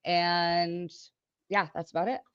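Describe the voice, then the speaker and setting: Low-voiced woman telling a lively story. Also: slow, clear, resonant tone. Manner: animated, laughs often, quotes people in voices. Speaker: podcast guest, business owner. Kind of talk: casual storytelling. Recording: dull lo-fi dry audio.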